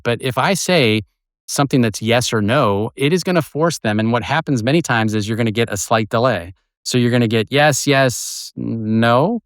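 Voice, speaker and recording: A middle-aged man, a retired agent and author, explaining his methods in an animated way as an interview guest. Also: mid-range voice, no echo, studio quality. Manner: animated, explains with examples and acted quotes.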